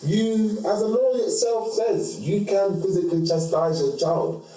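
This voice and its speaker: A man's voice: high voice, a little slow, far from the mic. A man, chatting on a podcast about raising his children and working with kids, emphatic, often acting out voices. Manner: animated, acts out voices, emphatic. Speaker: guest, school staff. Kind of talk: casual podcast chat. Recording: echoey room, from off mic.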